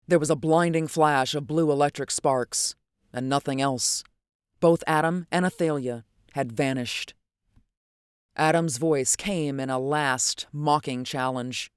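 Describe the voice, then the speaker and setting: A narrator reading fiction aloud in an even, steady storytelling cadence. The voice sits at a middle pitch, recorded dry and close with no room sound. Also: unhurried, smooth, no echo. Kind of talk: audiobook narration.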